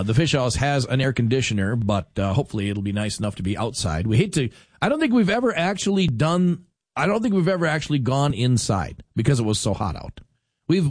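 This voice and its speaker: A man's voice: mid-range voice, slightly rough, dry recording. Dry-voiced rambling talk radio man. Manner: rambling, reads listener texts aloud. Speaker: radio talk show host. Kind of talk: casual talk radio chat.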